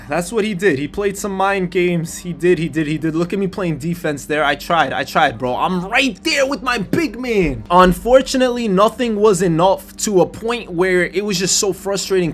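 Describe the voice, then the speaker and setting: A young man commentating over his own basketball video game footage, talking straight to his viewers and venting his frustration in casual slang. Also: high-pitched. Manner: frustrated, animated, talks to viewers as "bro" and "man". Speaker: gaming YouTuber. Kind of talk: gameplay commentary.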